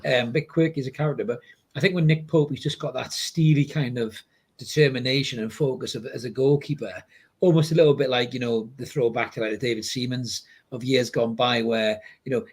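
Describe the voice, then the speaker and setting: Geordie man, rapid talker, husky, chatty, jokey football podcast co-host. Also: mid-range voice. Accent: Geordie with Scottish roots. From born in Glasgow, raised in Newcastle. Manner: chatty, jokey, says "mate" often. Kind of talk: casual football chat.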